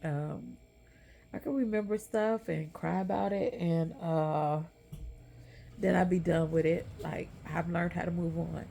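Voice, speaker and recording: A woman's voice: lowish voice, fairly even intonation, unhurried, gravelly, mellow. A middle-aged woman, telling a personal story candidly and with emotion, talking straight to her viewers. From Texas. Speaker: vlogger. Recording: light background noise.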